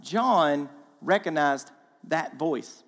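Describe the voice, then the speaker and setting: A man giving a sermon as a guest speaker in a church, in an animated, casual way with slang, acting out the voices in the story. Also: a little high, extremely slow, in a large hall. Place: church auditorium.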